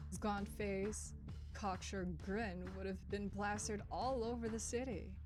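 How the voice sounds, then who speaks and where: A woman reads a visual novel aloud for a let's play and breaks off for casual jokes. Her voice sits at a middle pitch. Game music plays steadily underneath. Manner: casual, joking asides. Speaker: let's player.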